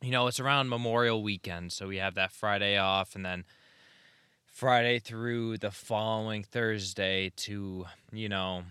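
A man's voice: fairly low pitch, steady tone, measured pace, sharp tone, clean tone, no room sound. A man co-hosting a podcast, recounting a trip in a laid-back, casual storytelling way. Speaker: podcast co-host. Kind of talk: casual chat.

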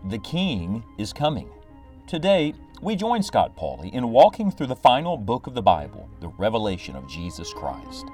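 A man's voice: fairly low pitch, wildly swooping pitch, moderate pace, a little mellow. A man announcing a radio program intro in a solemn, dramatic manner. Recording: distant voice over music.

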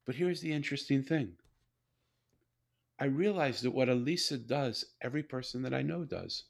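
An older man, a guest author, telling a story in a conversation, animated and often repeating and restarting his words. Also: mid-range voice, creaky.

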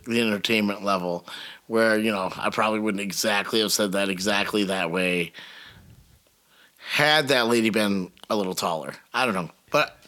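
A man's voice: fairly low pitch, bright, forceful tone. A middle-aged man hosting a podcast, chatting casually with crude jokes and frequent laughter. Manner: crude, joking, laughs often. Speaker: podcast host.

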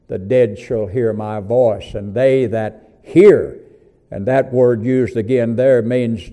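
A man delivers a sermon at an unhurried, deliberate pace. His voice is mellow and dark. He swells into loud proclamations and sinks to hushed words. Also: lowish voice. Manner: slow, emphatic preaching with swells and drops in volume; calls listeners "hon". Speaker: preacher.

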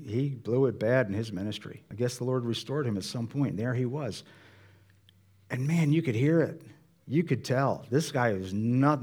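A pastor giving a sermon in a conversational way, acting out Bible dialogue with changes of voice. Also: male voice, medium pitch, a little mellow.

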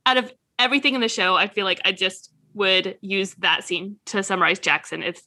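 A woman co-hosting a casual podcast, recapping a TV episode with animated asides and quoted lines. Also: medium pitch, brisk, no echo. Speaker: podcast co-host.

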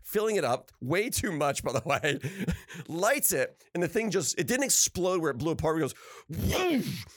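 A man hosting a podcast, telling personal stories in a casual, animated and upbeat way, often laughing as he talks. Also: on the high side, normal speed. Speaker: podcast host. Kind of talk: casual storytelling chat.

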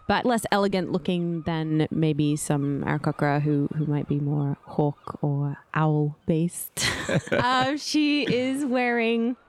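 A woman's voice: low voice, slow pace. A woman player describing her character in a tabletop game, thoughtful and laughing now and then.

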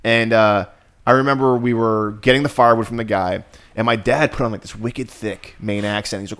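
A man's voice: fairly low pitch, fairly even intonation, brisk, a bit bright, clear, resonant tone. A man, a comedian guest, in casual podcast chat, rambling with lots of "like" and acting out bits. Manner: rambling, heavy on "like", acting out voices.

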